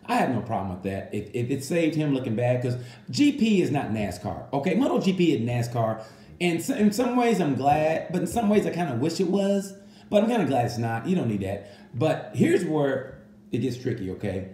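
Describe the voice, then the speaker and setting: A man giving a casual, rambling comedic monologue that reviews a motorcycle race, full of animated asides. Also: fairly high pitch, fairly quick, roomy sound, slight background noise.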